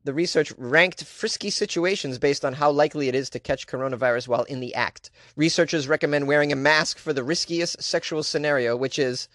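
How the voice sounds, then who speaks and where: A man's voice: a little high, fairly quick, hardly any pauses, a bit bright, dry recording, clean studio sound. A man hosting a casual comedic news chat, reading stories and breaking off into joking, self-mocking asides.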